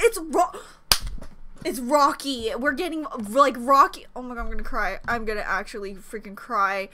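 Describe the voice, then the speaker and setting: A young woman hosting a reaction video, gushing and gasping with excited fan commentary. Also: a little high, a little hiss or hum. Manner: gushing, squealing, gasping, rapid exclamations.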